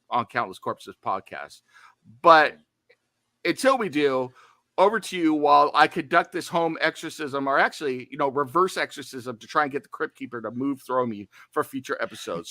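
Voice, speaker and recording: A man's voice: a little high, sharp tone, dry recording. A man co-hosting a horror movie podcast, chatting casually with jokey, self-deprecating asides. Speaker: podcast co-host.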